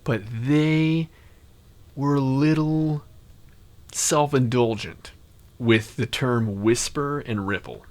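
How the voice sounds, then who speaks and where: A young man recapping a video game in a chatty, rambling way and slipping into mock voices as he goes. His voice sits at an ordinary middle pitch. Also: slow pace, pauses often, a little mellow. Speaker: gaming channel host. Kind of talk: casual game commentary.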